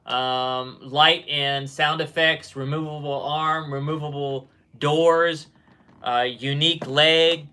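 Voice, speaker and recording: Man, from the US, webcast host, upbeat, greets viewers by name, higher pitch, bright tone, phone mic. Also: fairly even intonation, slow, smooth. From United States. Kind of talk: casual live webcast chat. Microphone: cell phone.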